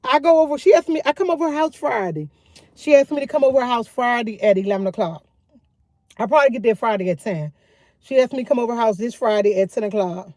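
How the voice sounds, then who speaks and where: A woman's voice: a little high, quick pace, darkish tone, no room sound. A woman, live-streaming outdoors on her phone and chatting candidly with viewers, talking freely and repeating herself. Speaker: vlogger live-streaming to chat. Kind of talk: casual live-stream chat.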